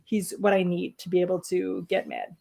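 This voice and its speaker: A woman's voice: on the low side, little pitch movement, normal speed, gravelly, darkish tone. A woman co-hosting a casual live stream, ranting bluntly and swearing freely. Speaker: co-host.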